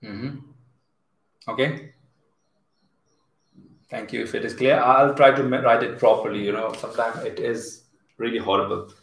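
A man's voice: medium pitch, steady tone, moderate pace, pauses often. A man with an Indian English accent teaching a live online English class, chatting and reading out viewers' comments as he goes. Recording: echoey room.

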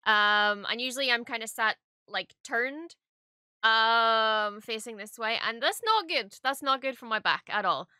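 Bright excitable young woman streamer. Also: fairly high pitch, measured pace, clear, resonant tone, dry recording, clean studio sound. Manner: excitable, swears freely, gushing. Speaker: reaction streamer. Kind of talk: casual reaction commentary. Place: home streaming desk setup.

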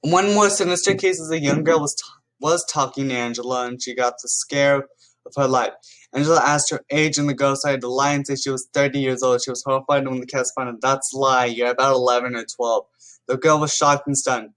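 A man's voice: medium pitch, fairly even intonation, brisk, a bit bright. A man giving casual reaction commentary as a YouTuber, chatting to viewers and reading stories aloud with small restarts.

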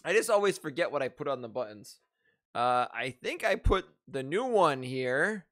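A man's voice: medium pitch, sing-song, moderate pace, fairly bright tone. A man hosting an improv comedy show over a video call, talking loosely and laughing as he explains the games. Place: home room on a video call. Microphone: video call mic.

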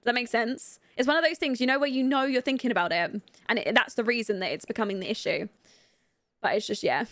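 A young woman streaming a life-sim game, chatting candidly with viewers, rambling with lots of fillers and quick to laugh. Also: on the high side, a bit bright, no room sound, clean studio sound. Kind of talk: casual live-stream chat while playing.

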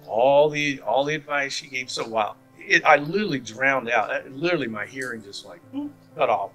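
A man tells a personal faith story with a bright, forward voice. He gives the quoted people voices as he goes, jumping his pitch up and down. There is faint music behind him. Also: normal speed, hardly any pauses, low-quality recording. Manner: animated storyteller acting out quoted dialogue. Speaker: testimony speaker.

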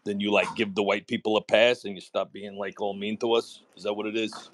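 Needling low-voiced caller with Italian accent. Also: male voice, flat delivery, a little fast, slight background noise. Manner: needling, sarcastic, repeats "right?". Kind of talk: combative call-in questioning.

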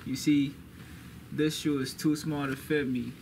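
Young male vlogger, hype and boastful, slightly high voice, noisy background. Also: level tone, measured pace, vocal fry. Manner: boastful, repeats phrases for hype. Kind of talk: casual hype vlog.

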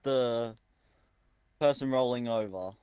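A man's voice: mid-range voice, slow pace, darkish tone, clear, resonant tone, dry recording, dull audio. A man chatting casually as a co-player during a racing game, dry and teasing. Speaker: co-player in party chat. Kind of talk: casual gaming chat.

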